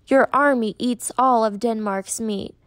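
A woman's voice: fairly high pitch, unhurried, no room sound, natural voice. Cheeky defiant young girl as a woman reads her, dry close sound. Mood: insolent. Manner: insolent, then tearful.

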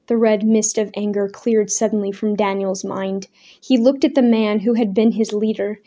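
Warm-toned woman narrating an audiobook. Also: medium pitch. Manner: measured, expressive reading. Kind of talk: scripted narration.

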